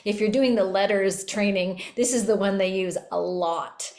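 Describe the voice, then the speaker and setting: A woman hosting a talk for educators, explaining in a lively way and now and then slipping into sung examples. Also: medium pitch, normal speed. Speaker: podcast host and music educator. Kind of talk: casual teaching talk. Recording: roomy echo.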